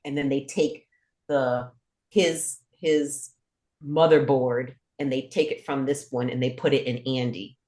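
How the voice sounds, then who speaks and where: Woman, low voice, podcast co-host, casual chat, long self-correcting explanations. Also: fairly even intonation, a little slow, dark tone, reverberant. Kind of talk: casual film discussion.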